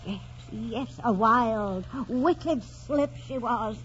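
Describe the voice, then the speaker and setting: An old family nurse, gentle and sorrowful, speaking softly and very slowly in a slightly high voice. She sounds motherly and patient. The recording is dull and lo-fi, with faint hiss. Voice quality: soft, motherly, unhurried. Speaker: housekeeper. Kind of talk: 1940s radio acting. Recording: dull lo-fi 1940s radio recording.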